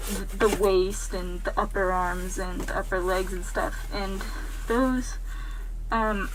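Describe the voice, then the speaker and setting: A woman's voice: mid-range voice, fairly even intonation, takes it slowly, background noise. A teenage girl narrating her cosplay build in a casual, unscripted vlog, rambling with lots of "um"s and poking fun at herself. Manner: rambling, unscripted, self-deprecating with frequent "um". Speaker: cosplay vlogger.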